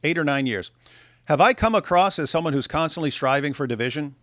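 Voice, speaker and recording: A man hosting a casual livestream, talking in a mocking, animated way and often mimicking his critics in shrill voices. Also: fairly quick, noisy background. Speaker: livestream host.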